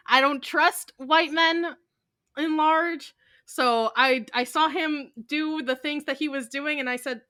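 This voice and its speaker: High, bright, blunt-talking woman. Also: fairly even intonation, takes it slowly. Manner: emphatic, blunt joking. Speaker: podcast co-host. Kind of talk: casual chat.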